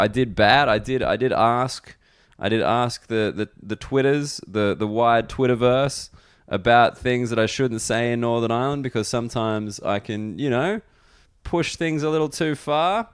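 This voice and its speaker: A young man with an Australian accent rambles through a solo podcast monologue, wry and self-mocking, full of "like" and "uh". His voice is smooth and clear at an ordinary middle pitch, recorded close and dry with no room sound. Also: dry recording. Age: young adult. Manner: rambling, wry, self-deprecating with frequent fillers. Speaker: comedian podcast host.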